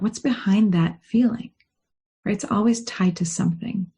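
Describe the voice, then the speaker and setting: A woman rabbi leading a guided meditation and teaching, with a gentle, unhurried guiding tone. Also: mid-range voice, husky. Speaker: rabbi leading a study session.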